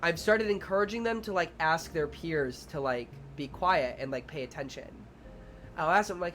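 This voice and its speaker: A man's voice: on the high side, moderate pace, a little hiss or hum. A young man, a preschool teacher and streamer, chatting casually and animatedly with viewers, acting out his own and the children's lines and swearing freely. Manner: animated storytelling, acts out kids and himself, swears casually.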